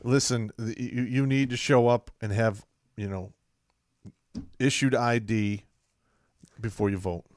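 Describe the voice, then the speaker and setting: A man's voice: medium pitch, fairly even intonation, a little slow, long pauses. A middle-aged man co-hosting a casual livestream, blunt and opinionated, often repeating words as he talks. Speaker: podcast co-host.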